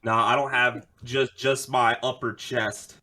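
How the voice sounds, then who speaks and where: A man's voice: mid-range voice, flat delivery, a little slow, sharp tone. A man on a podcast trading sarcastic, laughing banter with friends in casual chat. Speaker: podcast co-host.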